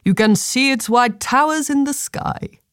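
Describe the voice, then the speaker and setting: A woman voicing a kindly, well-dressed man who speaks with gentle amusement in a storybook. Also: high voice, measured pace, clean tone, no echo, studio quality, pitched above the performer's own voice. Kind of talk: storybook reading.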